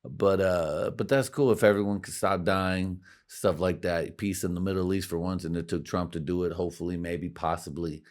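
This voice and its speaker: A man's voice: low-pitched, steady tone, moderate pace, few pauses. A man hosting a podcast, rambling in a casual, profane way and laughing at his own jokes. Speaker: podcast host.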